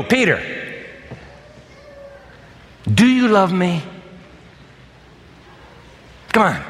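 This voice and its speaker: A man's voice: very high voice, fairly bright tone, long reverb tail, pitched above the performer's own voice, exaggerated voice. A man voicing a grown man who urgently presses his friend with the same pleading question again and again, in a sermon retelling.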